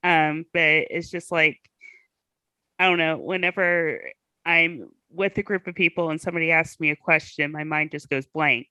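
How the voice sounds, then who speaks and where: A woman's voice: deep voice, fairly even intonation, normal speed, sharp tone, clear, resonant tone, no echo. A woman guest in a casual group chat on a video call, talking hesitantly with many fillers and a slight speech impediment.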